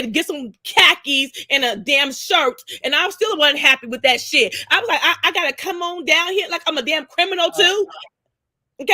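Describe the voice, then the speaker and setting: A woman's voice: high voice, pushed and bright, dry recording. A woman in her forties talking on a discussion panel, emphatic, repeating herself and cursing freely. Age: 40s. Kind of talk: casual discussion.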